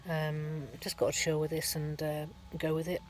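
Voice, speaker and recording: A woman's voice: low-pitched, monotone, moderate pace, a little mellow. A middle-aged woman, giving a rambling, chatty vlog update from her van at a garage, full of ums and restarts. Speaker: van life vlogger.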